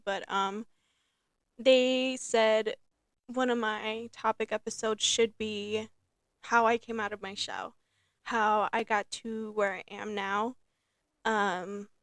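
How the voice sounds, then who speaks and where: A young woman hosting her own podcast in casual, rambling talk, repeating herself and filling pauses with um and like. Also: mid-range voice, dry recording, studio quality. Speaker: podcast host. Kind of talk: casual solo podcast chat.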